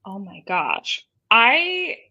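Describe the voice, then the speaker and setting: A woman's voice: on the high side, sing-song, very slow, sharp tone, dull audio. A young woman co-hosting a paranormal show, chatting casually on a live stream, giggly and gushing. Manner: giggly, gushing, self-deprecating.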